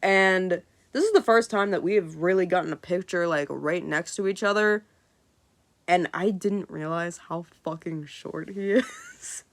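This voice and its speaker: A woman's voice: on the low side, a little slow. A young woman vlogger casually telling a story, swearing freely and acting out what people said. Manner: animated, swears freely, acts out quotes.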